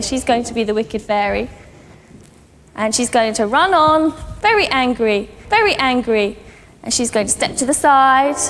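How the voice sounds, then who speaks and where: A woman teaching a ballet class to children, giving patient, clear step-by-step instructions in a dance studio. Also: sits high, slight background noise. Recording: reverberant studio hall with music.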